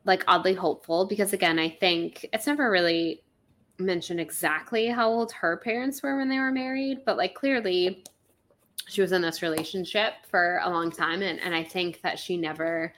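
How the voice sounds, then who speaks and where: A young woman from Florida co-hosting a podcast, chatting casually and quickly about a book with many fillers. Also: fairly low pitch, a bit bright, slight background noise. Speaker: podcast co-host.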